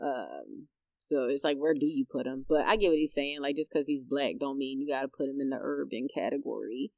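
A woman's voice: a bass voice, expressive, a little fast, creaky, darkish tone, dry recording. A woman co-hosting a podcast, talking bluntly and casually and swearing freely. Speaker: podcast co-host. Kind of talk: casual chat.

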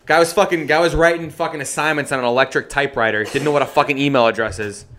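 A man's voice: medium pitch, fairly even intonation, fast talker, fairly bright tone, slight background noise. A man co-hosting a podcast, telling a story in a profane, ranting way that keeps repeating phrases. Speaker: podcast co-host.

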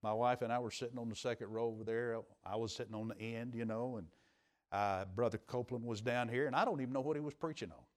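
A middle-aged man preaching as pastor in a church, building to emphatic peaks and dropping to quiet, confiding asides. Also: mid-range voice, steady tone, fast talker. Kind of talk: sermon. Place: church sanctuary.

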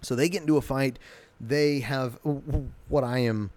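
A man's voice: mid-range voice, fairly even intonation, normal speed, a little mellow. A man giving a casual, enthusiastic recap of a TV episode, loosely retelling scenes. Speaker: show recap host.

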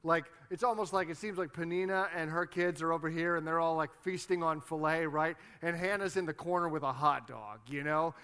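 A man's voice: a little high, fairly quick, hardly any pauses, bright, forceful tone, clear, resonant tone. A man with a Midwestern American accent preaching a sermon in a conversational, playful way. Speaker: pastor.

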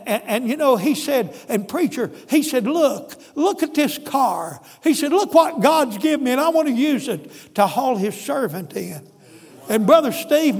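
An older man preaches with a drawl in a high, folksy voice, swinging from fervent shouts down to quiet pleading. His sermon rings out with a long reverb, as if filling a church hall. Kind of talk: storytelling sermon.

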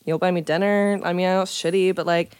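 A woman's voice: fairly low pitch, fairly even intonation, fast talker, darkish tone, clear, resonant tone, dry recording, studio quality. A young woman telling a story in casual chat, chatty and profane, with many "like" fillers.

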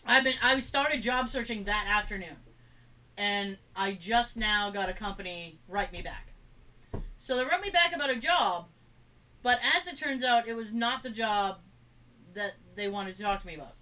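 A woman's voice: mid-range voice, expressive, moderate pace, sharp tone, distant mic, rough recording. A woman co-hosting a podcast, telling rambling stories in casual chat and acting out the quotes. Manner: rambling storyteller, acts out quotes, laughs often. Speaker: podcast co-host.

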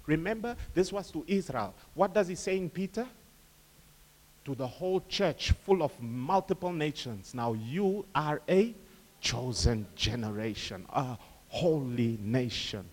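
A man preaching a lively sermon, acting out quoted voices and laughing along with his congregation. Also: fairly high pitch. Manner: animated, acts out quoted voices, laughs with the crowd.

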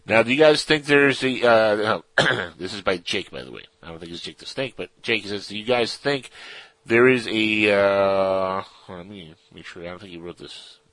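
A man's voice: deep voice, normal speed, few pauses, fairly bright tone, dry recording, rough recording. Rambling, jokey male radio co-host. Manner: rambling, jokey, reads listener questions. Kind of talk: casual radio chat.

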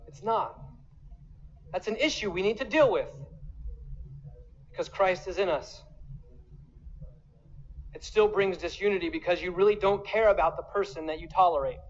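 A man with a high voice delivers an earnest, emotional sermon as the pastor, slipping into the voices of the people he quotes. The recording is dull and lo-fi.

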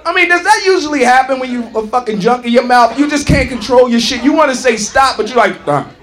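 A man doing a stand-up comedy set, brash and profane, shouting and mimicking singers. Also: extremely high pitch, quick pace. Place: comedy club stage. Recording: live club recording with crowd. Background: audience laughing and clapping.

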